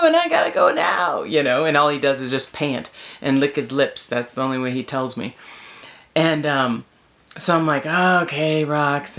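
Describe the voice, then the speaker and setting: A woman vlogger telling a story in a casual, animated way from inside her tent in the woods, filling her talk with "like" and "you know". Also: deep voice. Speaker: wilderness vlogger.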